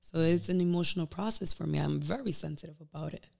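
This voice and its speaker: Candid woman with a low voice. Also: quick pace, gravelly, a little mellow. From Dominican family. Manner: candid, emotional storytelling with acted-out inner quotes. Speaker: podcast guest. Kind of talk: casual chat.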